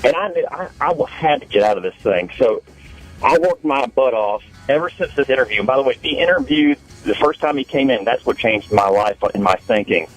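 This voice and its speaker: A mid-pitched man from Tennessee calls into a radio show and speaks earnestly, leaning hard on his points. Faint music plays behind the call. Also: animated, a little fast, poor audio. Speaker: caller.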